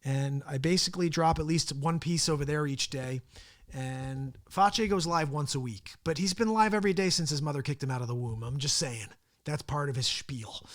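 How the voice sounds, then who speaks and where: A man's voice: on the high side, normal speed. A man hosting his daily live talk show, chatting in a rambling, casual way and chuckling often. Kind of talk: casual live-stream chat.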